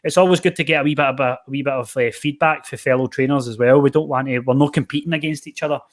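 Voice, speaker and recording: A man's voice: mid-range voice, fast. A Scottish man hosting a podcast, telling rambling stories in casual chat. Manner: rambling, animated storytelling with lots of fillers. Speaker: podcast host, personal trainer.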